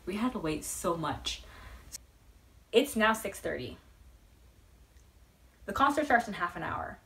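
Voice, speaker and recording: A young woman telling a story as a vlogger, rambling and excitable, full of fillers. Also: mid-range voice, unhurried, gravelly. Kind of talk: casual storytelling. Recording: voice a bit far from the mic.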